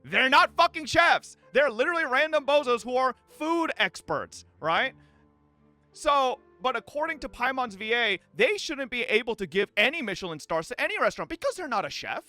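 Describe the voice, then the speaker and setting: A man streaming live, commenting on clips and talking to his chat in a profane, animated way with frequent laughs. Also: very high voice, a little fast, soft background music.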